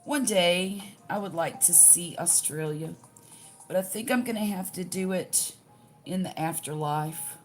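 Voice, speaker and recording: A woman's voice: on the low side, a little slow, faint music behind. An older woman with a Southern US accent chatting casually, folksy, reading out viewer comments and laughing often. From US Gulf Coast. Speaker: livestream crafting host.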